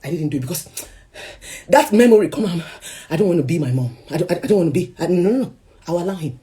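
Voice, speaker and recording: A young woman with a Nigerian accent telling a personal story as emotional testimony, swinging between hushed and loud. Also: fairly low pitch, animated, fast talker. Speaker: speaker sharing a personal story.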